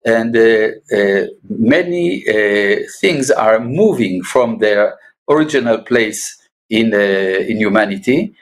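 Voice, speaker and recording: Halting man, a rabbi with many pauses. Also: fairly low pitch, lively intonation. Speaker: rabbi and guest. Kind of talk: interview answers.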